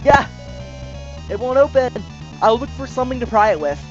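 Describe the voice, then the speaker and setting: A streamer voicing a hot-headed young man who shouts his lines in a raised voice. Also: mid-range voice, expressive, normal speed, faint music behind, voice pushed up, lightly acted. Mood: fired up. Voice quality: loud, shouty. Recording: dull lo-fi recording.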